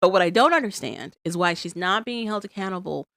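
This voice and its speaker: A woman co-hosting a podcast, recapping reality TV in an animated, exasperated, emphatic way. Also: fairly low pitch, fairly quick, gravelly, no echo, studio quality. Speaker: podcast co-host. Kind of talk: casual chat recapping reality TV.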